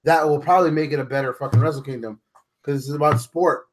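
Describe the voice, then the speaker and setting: A man's voice: fairly high pitch, fast. A man co-hosting a wrestling podcast in casual chat, rambling and swearing freely with lots of "you know what I mean". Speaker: podcast co-host.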